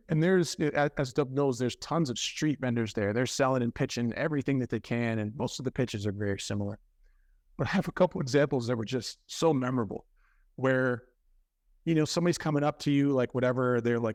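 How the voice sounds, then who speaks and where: Animated storytelling man on a podcast. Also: medium pitch, no echo, clean studio sound. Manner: animated, with quick self-corrections. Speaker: podcast guest. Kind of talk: conversational storytelling.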